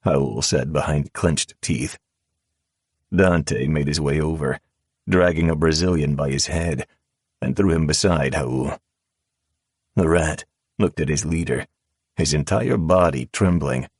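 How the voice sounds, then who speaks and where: A man narrating a first-person audiobook in a calm, cold drawl. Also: a bass voice, measured pace, no room sound, studio quality.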